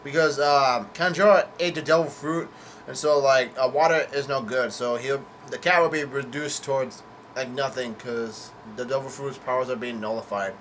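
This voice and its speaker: A man recapping a comic chapter in a loose, hesitant way, stopping on fillers and fixing his own words as he goes. His voice sits at a middling pitch, and he swears now and then. A faint hiss runs under the recording. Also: fairly even intonation, normal speed, fairly bright tone. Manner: hesitant, full of fillers and self-corrections, casual swearing. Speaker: manga chapter reviewer. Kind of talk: casual chapter recap read-through.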